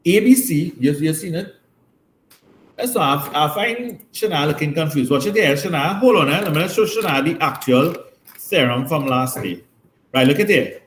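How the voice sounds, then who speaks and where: A slightly high-voiced man runs a maths lesson in a classroom. He walks through each step and keeps checking that the students follow. The room gives his voice a roomy echo. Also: a little hiss or hum. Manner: explains step by step, often checks with "right?". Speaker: maths teacher.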